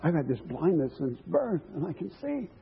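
A man's voice: fairly high pitch, very animated, normal speed, vocal fry, husky, full character voice. A man voicing a simple, happy, baffled man who was healed of blindness, speaking plainly with wonder. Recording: tinny phone-like line.

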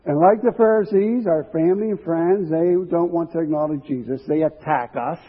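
A man's voice: a little high, moderate pace, husky, long reverb tail. A man preaching a sermon, earnest and musing, with chuckles and some restarts. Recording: tinny phone-like line.

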